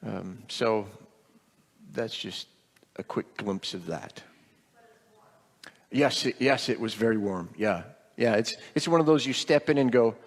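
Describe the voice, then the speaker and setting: A man's voice: lowish voice, measured pace, pauses often, in a large hall. A middle-aged man, a pastor, casually reporting on a mission trip to his congregation, rambling with many ums and light jokes.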